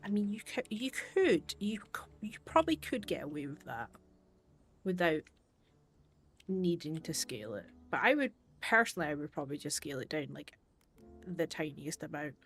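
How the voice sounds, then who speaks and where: A woman streaming a game, chatting casually and thinking aloud, with sudden bursts of excitement. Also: low voice, normal speed, soft background music. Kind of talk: casual livestream commentary while playing.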